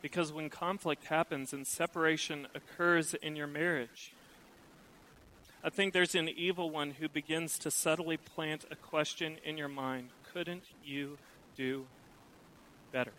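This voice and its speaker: A middle-aged man preaching a sermon, lively and acting out the voices he quotes. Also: a little high, unhurried, slight background noise, rough recording. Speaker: pastor.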